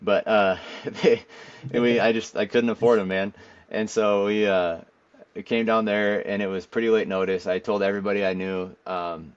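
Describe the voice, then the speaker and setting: Low-voiced man telling a story casually. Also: little pitch movement, normal speed, smooth, muffled recording. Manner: rambling, filler-heavy, acts out quoted dialogue. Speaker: podcast guest, former pro pitcher.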